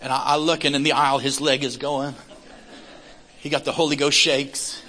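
A man telling a lively, comic testimony story in a sermon, acting out the people in it. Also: mid-range voice, moderate pace, rough recording. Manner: animated, comic storytelling with acted quotes.

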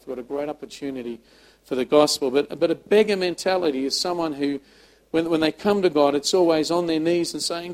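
A man preaches a sermon in a slightly higher-than-usual voice. He is emphatic, repeats words, and swings from loud passages to soft ones. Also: a little fast, low-quality recording. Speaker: pastor.

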